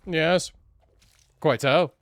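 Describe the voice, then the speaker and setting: A man voicing a pompous posh aristocratic gentleman, speaking in a fussy, drawn-out way for comic effect over gameplay. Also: fairly high pitch, dry recording, pitched above the performer's own voice. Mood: haughty. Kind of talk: comedic put-on voice over gameplay.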